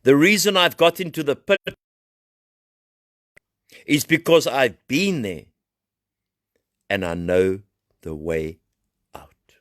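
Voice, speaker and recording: South african guy doing a calm firm old mentor, slow and steady, dry sound. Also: mid-range voice, no room sound, pitched above the performer's own voice. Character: calm older male guide who has been there.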